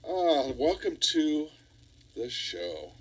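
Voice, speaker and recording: A man hosts a radio interview show with a husky, slightly breathy voice. He sounds enthusiastic and laughs along with his guest as he asks questions. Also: fairly high pitch, big pitch swings, extremely slow, a bit bright, low-quality recording.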